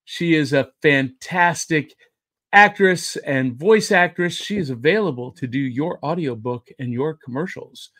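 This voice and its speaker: A man's voice: on the high side, measured pace, fairly bright tone. A man hosting a pop culture podcast, with jokey, upbeat showman patter. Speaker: podcast host. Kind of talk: casual podcast chat.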